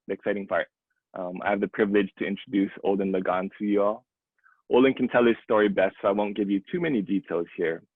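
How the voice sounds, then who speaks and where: A man's voice: lowish voice, slightly rough, no echo, narrow, tinny audio. A man, hosting a webinar and reading a gracious, earnest introduction. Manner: earnest, gracious, a few fillers. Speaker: webinar host. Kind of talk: scripted introduction. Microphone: video call.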